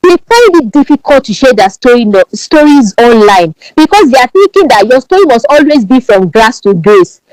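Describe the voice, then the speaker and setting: A woman from Ibadan with a Nigerian Yoruba accent, speaking as a guest on a podcast in an emphatic, animated way and often repeating words. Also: fairly high pitch, moderate pace, few pauses, no echo, rough recording. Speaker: podcast guest, branding strategist. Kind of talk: podcast interview.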